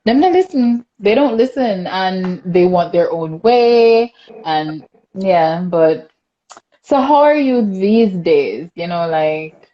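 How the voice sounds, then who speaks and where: A woman's voice: medium pitch, takes it slowly, highs cut off. A young adult woman with a Jamaican accent, hosting a casual talk show and reading viewer comments with lots of laughter. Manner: laughs often, animated and chatty. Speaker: podcast host.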